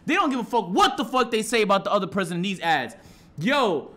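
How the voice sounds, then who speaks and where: Excitable young man telling a story. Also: high-pitched, a little fast. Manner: profane, excitable, acts out shouted quotes. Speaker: streamer. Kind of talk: animated storytelling to a live chat.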